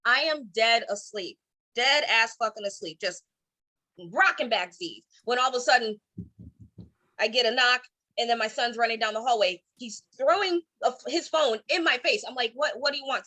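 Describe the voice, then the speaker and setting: Woman comedian, high bright voice, animated storytelling, voiced quotes, thirties. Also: moderate pace. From Cleveland, Ohio. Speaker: stand-up comedian. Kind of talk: online stand-up set. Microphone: streaming from home.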